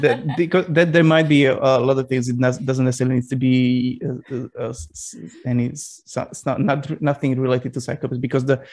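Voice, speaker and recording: A man's voice: medium pitch, fairly even intonation, a little fast, hardly any pauses, a little mellow. A man in casual podcast conversation with a mid-range voice. He talks with lots of "uh"s, restarts and repeated words as he feels his way through ideas. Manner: hesitant, many fillers and restarts. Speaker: podcast host.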